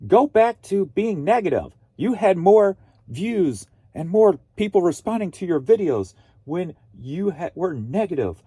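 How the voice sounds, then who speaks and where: A man mimicking a miserable, self-pitying male commenter in a fast, mocking voice. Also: high voice, sing-song, warm tone, slightly rough, no room sound, studio quality, pitched above the performer's own voice, heavily acted.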